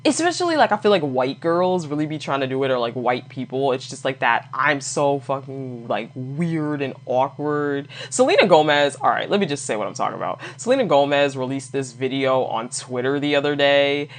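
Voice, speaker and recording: A woman's voice: extremely low pitch, brisk, hardly any pauses. A woman hosting a casual solo podcast, talking bluntly with frequent swearing and laughter. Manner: blunt, profane, laughs often, animated asides. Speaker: podcast host.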